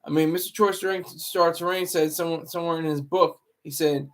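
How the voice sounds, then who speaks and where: A man talks through a live stream in a rambling, moralizing way, stopping to restart words as he goes. His voice sits a little high with a gravelly fry underneath. It sounds like a home setup for a casual commentary stream. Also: fairly even intonation, a little fast. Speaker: livestream commentary host.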